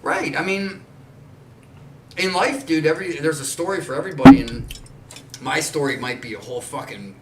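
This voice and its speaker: Speaking at normal speed and pausing often, a man in his forties with a fairly high voice hosts a podcast. He swears a lot and rambles bluntly through casual chat. The roomy, distant recording carries faint ambience and a little hiss or hum.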